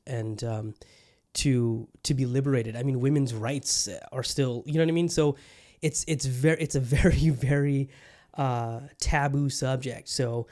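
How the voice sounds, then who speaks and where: A man's voice: mid-range voice, mellow. A man hosting a podcast in casual chat, rambling and swearing freely, full of fillers and restarts. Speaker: podcast host.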